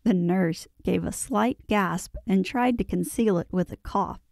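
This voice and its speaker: A woman narrating a classic children's novel in a measured, expressive storytelling voice. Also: medium pitch, gravelly, no room sound, clean studio sound. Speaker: audiobook narrator. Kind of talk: scripted audiobook narration.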